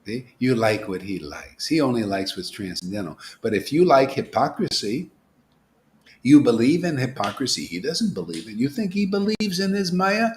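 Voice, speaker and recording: A man giving an informal devotional sermon, asking rhetorical questions, dropping to whispers and rising to loud exclamations, laughing now and then. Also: medium pitch, moderate pace, slight background noise. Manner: animated, preachy, swings from hushed whispers to loud exclamations; asks rhetorical questions, laughs at his own jokes. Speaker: spiritual teacher.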